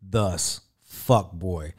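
A man's voice: low-pitched, very slow. A man talking as a podcast guest in casual chat, blunt and profane in his stories.

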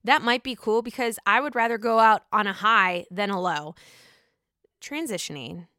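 A young woman chatting excitedly about reality TV as a solo host, swearing freely. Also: medium pitch, moderate pace, clean tone, dry recording, studio quality. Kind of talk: casual solo commentary.

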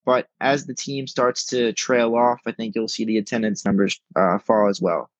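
The young adult guest has a fairly low, level voice at normal speed with no room sound, speaking over a remote call microphone. His casual sports talk is emphatic and full of repeated words as he thinks, in dull lo-fi audio.

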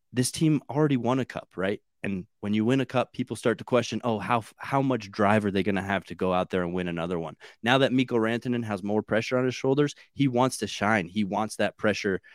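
A man with an American accent co-hosting a sports podcast, giving steady, confident analysis in casual chat. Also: lowish voice, no room sound, studio quality. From United States.

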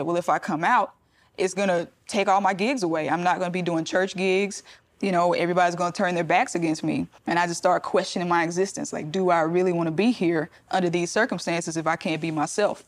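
A woman speaking candidly and reflectively about her own life in an interview. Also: lowish voice. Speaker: comedian interviewed. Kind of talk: personal testimony interview.

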